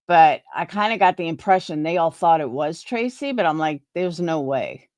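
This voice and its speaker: A woman's voice: on the low side, animated, brisk, darkish tone, no echo, studio quality. A woman live streamer chatting casually with her viewers, opinionated and rambling, restarting her sentences.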